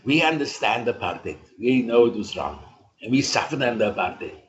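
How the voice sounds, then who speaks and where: A middle-aged South African man telling stories in an interview, speaking in a measured, declarative, speech-like cadence. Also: mid-range voice, lively intonation, a little hiss or hum. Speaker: interview guest, community leader. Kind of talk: storytelling interview. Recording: dull lo-fi recording.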